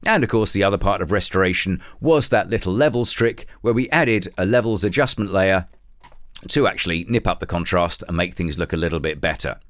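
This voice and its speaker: A man, walking through a photo editing tutorial step by step in a relaxed, explanatory way. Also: fairly low pitch, dry recording, studio quality. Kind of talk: software tutorial.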